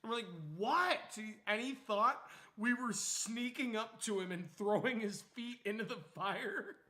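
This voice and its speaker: A young man streaming, chatting casually and telling a story with lots of swearing and loud, animated retellings. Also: high-pitched, moderate pace. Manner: animated, swears freely, acts out quotes loudly.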